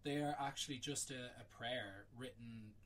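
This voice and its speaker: A man's voice: mid-range voice, normal speed, a bit bright, recorded from a distance. Man, podcast co-host, casual rambling film talk, swears a lot, sits back from the mic.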